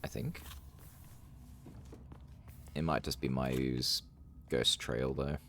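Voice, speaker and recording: Male streamer, very low, gravelly tone, wry casual commentary. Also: level tone, takes it slowly, bright, forceful tone, slight background noise. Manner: wry, chatty, reacting aloud. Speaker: streamer playing a horror game.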